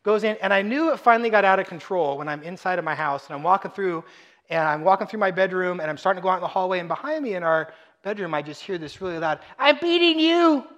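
A man's voice: high-pitched, quick pace. A middle-aged man from Texas preaching a sermon, telling joking family stories and acting out voices. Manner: joking, animated storytelling with acted-out voices. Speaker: pastor.

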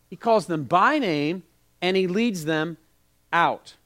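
A middle-aged man preaching a sermon as pastor, telling animated stories with quoted dialogue. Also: high voice, moderate pace.

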